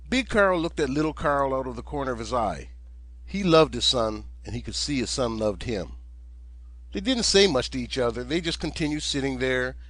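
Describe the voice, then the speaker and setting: A man, the author, narrating his own audiobook in a steady, gentle storytelling manner. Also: medium pitch, dry recording.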